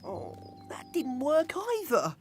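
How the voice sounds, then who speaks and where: A gentle, easygoing young bear from a children's cartoon. His voice sits high and swings widely in pitch as he talks slowly. Light music plays behind him. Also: sing-song, full character voice. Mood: friendly. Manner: friendly and easygoing.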